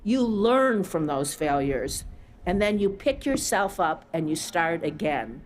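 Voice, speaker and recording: A woman's voice: on the low side, sing-song, a little slow, slight background noise. A middle-aged woman giving a commencement speech from a stage, telling her own story in an earnest, reflective way. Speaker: commencement speaker. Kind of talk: prepared ceremony speech. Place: on a stage at a graduation ceremony.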